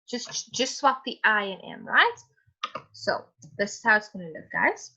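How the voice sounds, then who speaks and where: A woman's voice: fairly high pitch, big pitch swings, moderate pace, bright, forceful tone, muffled recording. A woman teacher giving an online class lesson, calling on students by name and encouraging them. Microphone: video call.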